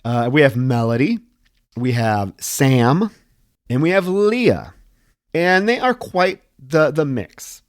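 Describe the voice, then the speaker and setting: A man's voice: mid-range voice, sing-song, slow, dry recording, studio quality. A man co-hosting a podcast, recapping a film in a rambling, casual way with some swearing. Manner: rambling plot recap with profanity. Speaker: podcast co-host.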